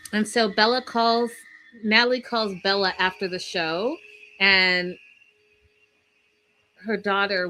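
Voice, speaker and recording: A chatty woman talks straight to her viewers as she recaps a reality show. Her voice is bright and sharp, and she laughs often. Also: mid-range voice, slight background noise. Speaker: podcast co-host. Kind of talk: casual TV recap chat.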